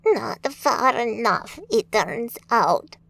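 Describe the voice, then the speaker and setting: A woman's voice: on the high side, expressive, drawn-out words, vocal fry, a bit bright, no echo, heavily acted. Woman voicing a cruel, taunting woman mage. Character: cruel woman mage, right-hand enforcer.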